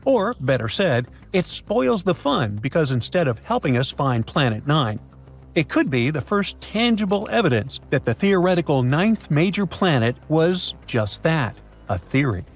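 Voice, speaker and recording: A man's voice: fairly high pitch, big pitch swings, normal speed. A man giving scripted science narration in a dramatic, playful way with jokey asides. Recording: faint music behind.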